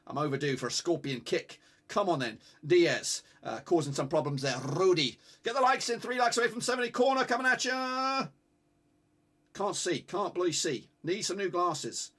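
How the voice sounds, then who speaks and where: A man calls a football match live for his stream, swinging from muttered asides to excited shouts and swearing freely. His voice sits high for a man and sounds bright and sharp. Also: normal speed, breathy edge. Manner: excitable, swears, urges viewers to like. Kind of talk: live watch-along commentary.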